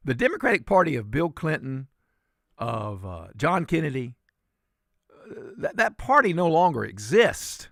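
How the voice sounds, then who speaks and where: A man's voice: on the high side, huge pitch swings, measured pace, creaky, a bit bright, no echo, clean studio sound. A man, filling in as a talk radio host and delivering fiery, indignant commentary.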